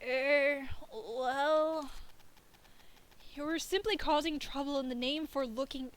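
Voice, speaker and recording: A woman's voice: high-pitched, takes it slowly, low-quality recording. A woman streamer reading the dialogue of a cozy video game aloud in an easy, playful tone. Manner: reads lines in an easy, playful tone, breaking off with giggles.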